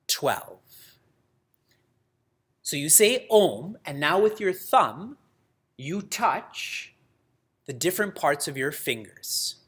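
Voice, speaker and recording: Slow, bright-voiced spiritual teacher, man. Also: on the high side, breathy edge. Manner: lively, asks the class questions, laughs often. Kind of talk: religious class talk.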